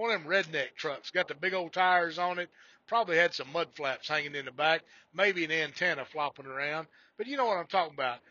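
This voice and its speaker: A man's voice: sits high, bright, forceful tone, dry recording, muffled recording. A man giving an informal devotional sermon on a podcast, telling folksy stories and often restarting his phrases. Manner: folksy storytelling with frequent restarts. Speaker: podcast preacher.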